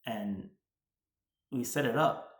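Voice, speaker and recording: A man's voice: mid-range voice, takes it slowly. A man in his thirties, from the New York area, telling a personal story in a chatty vlog, full of "like" and retold dialogue. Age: 30s. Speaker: vlogger. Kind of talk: casual storytelling. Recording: roomy echo.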